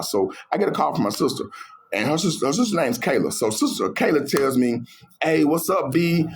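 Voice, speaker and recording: Animated man telling a story. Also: medium pitch. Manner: animated retelling, acts out both sides of arguments. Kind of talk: casual storytelling.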